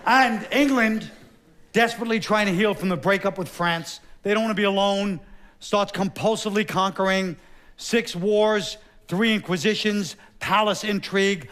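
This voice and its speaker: A middle-aged man doing stand-up comedy on a theater stage, sardonic and deadpan with quick asides. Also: sits high. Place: Broadway theater stage, live audience. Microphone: stage microphone.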